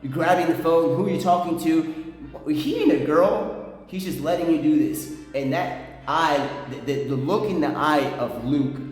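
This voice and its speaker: A man's voice: unhurried, a little mellow. Rambling man in an echoey hall. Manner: rambling, restarts, drops to low intense tone. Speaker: vlogger. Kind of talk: rambling storytime monologue.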